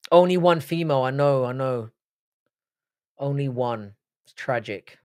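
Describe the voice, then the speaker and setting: A man's voice: medium pitch, a little slow, a little mellow, clear, resonant tone. A man with a London accent hosting a live stream, chatting casually, reading the chat aloud and trading crude banter. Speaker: livestream host.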